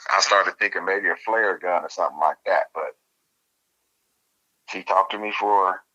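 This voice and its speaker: A man with a Louisiana accent, telling his story as a guest in a casual interview, in a colloquial and animated way. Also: low voice, normal speed, muffled recording. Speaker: guest researcher.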